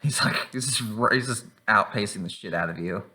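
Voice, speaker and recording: Male game master, relaxed rambling narration; low-ish, bright edge. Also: fairly quick. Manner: loose, rambling, fillers and swearing. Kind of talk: narrating a tabletop game online.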